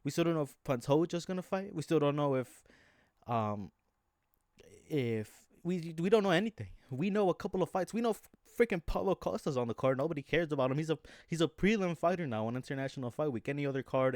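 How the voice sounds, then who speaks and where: A man's voice: fairly high pitch, fast talker, a little mellow, dry recording, clean studio sound. A man talking casually about fight news in a rambling way, full of restarts and fillers. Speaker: MMA commentary YouTuber. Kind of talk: casual talk.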